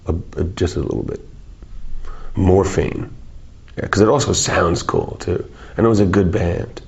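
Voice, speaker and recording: Interviewee, male, 40s, from South Africa: very low, husky voice, joking and rambling, with a muffled lo-fi sound. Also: a little mellow. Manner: rambling, playful, jokey, swears freely. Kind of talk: casual interview chat.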